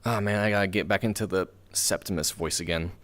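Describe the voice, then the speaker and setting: A man's voice: deep voice, steady tone, brisk, fairly bright tone. Man from the United States, streamer and player, casual chat, teasing, swears freely. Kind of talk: casual chat before a tabletop game.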